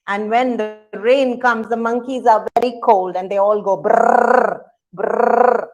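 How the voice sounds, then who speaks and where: A woman's voice: on the high side, fairly even intonation, normal speed, darkish tone, faint music behind. A woman telling a children's story aloud, with sound effects and questions for the audience.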